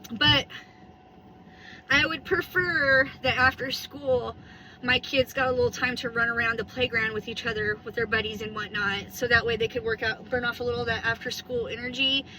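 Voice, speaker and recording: Sitting in her parked car, a vlogger in her thirties films herself on her phone, rambling through a casual driving-vlog chat. Her voice is on the high side with a steady tone and normal speed, set against a noisy background.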